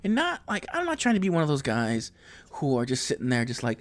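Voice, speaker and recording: A man's voice: medium pitch, wildly swooping pitch, a little fast, no echo. A man in his thirties, a podcast host rambling through a profane comedic monologue and laughing at his own jokes. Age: 30s.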